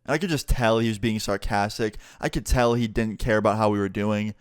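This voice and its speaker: A young man telling a storytime vlog in a casual, animated way, swearing freely, recorded on a close mic. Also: fairly low pitch, fairly quick, clean tone, dry recording. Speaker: vlogger.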